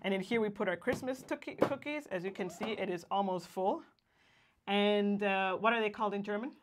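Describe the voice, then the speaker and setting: A woman's voice: mid-range voice, brisk, background noise. A young woman from Guatemala co-hosting a casual livestream, reading viewer greetings aloud and laughing often. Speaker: co-host of a livestream.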